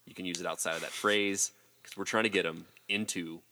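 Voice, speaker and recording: A man's voice: deep voice, steady tone, sharp tone. A man co-hosting a podcast, recapping a movie in casual chat with joking asides. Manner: joking, quick asides with acted quotes. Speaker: podcast co-host.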